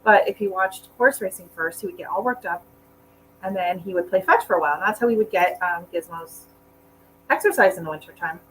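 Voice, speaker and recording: A middle-aged woman hosts a gardening live stream from inside her home, chatting casually and rambling between potting tasks and remarks to her dog. Her lowish voice is animated, brisk and a bit bright, captured in a rough recording with a little hiss or hum.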